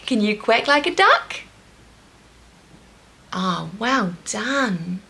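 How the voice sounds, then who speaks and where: A woman's voice: fairly high pitch, very animated, slow, pauses often, pushed and bright. A woman with a New Zealand accent teaching toddlers in a sing-song, encouraging way, with delighted gasps. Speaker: children's teacher. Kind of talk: slow, animated toddler lesson.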